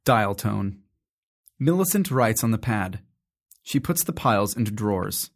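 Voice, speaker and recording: A man reading stage directions aloud in a matter-of-fact, measured way during a stage play reading. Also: fairly low pitch, expressive.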